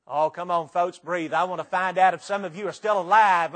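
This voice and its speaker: A man preaching a sermon, reciting poetry dramatically and firing rhetorical questions at the congregation, swinging from loud to soft. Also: high-pitched, steady tone, moderate pace, few pauses.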